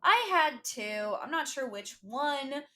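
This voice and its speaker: A woman's voice: sits high, lively intonation, takes it slowly, pushed and bright. A young woman co-hosting a podcast, recapping a book in a wry, joking, irreverent way. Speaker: podcast co-host. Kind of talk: casual book-recap chat.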